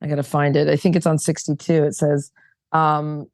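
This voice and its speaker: A woman's voice: low voice, flat delivery, moderate pace, a little mellow, no room sound, studio quality. A woman sharing her story at a recovery roundtable in an earnest, emphatic way, often repeating herself. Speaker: roundtable participant, sponsor. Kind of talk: casual recovery-meeting sharing.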